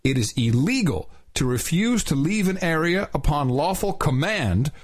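A man hosting a casual talk show, reading aloud from a book in a mock-solemn way. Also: moderate pace. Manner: mock-solemn reading with lively pitch swings, breaking into laughs. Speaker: podcast host.

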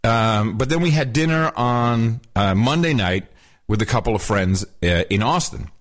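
Animated, mocking male podcast host. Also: mid-range voice, normal speed. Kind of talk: casual political chat.

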